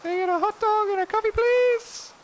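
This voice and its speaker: A man voicing a cheery high-voiced clown customer in a squeaky, exaggerated cartoon way. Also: a little fast, a little hiss or hum, poor audio. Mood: chirpy.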